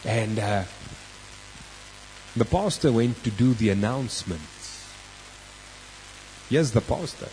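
A man's voice: fairly low pitch, animated, slow pace, long pauses, darkish tone, slight background noise, low-quality recording. A man with a South African accent preaching a sermon, telling a personal story in a conversational way and drawing out key phrases for emphasis.

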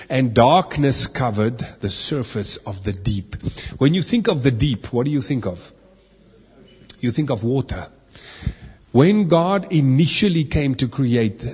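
A preacher's mid-range, somewhat husky voice carries through a big hall as he delivers an animated Bible lesson, posing questions to the audience and adding playful remarks. The room gives everything a long, ringing echo.

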